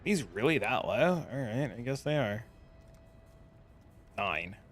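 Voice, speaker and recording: A man's voice: medium pitch, expressive, takes it slowly, a bit bright, soft background music. A young man streaming a game, chatting loosely with viewers in slangy, casual talk. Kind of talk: casual live-stream chat.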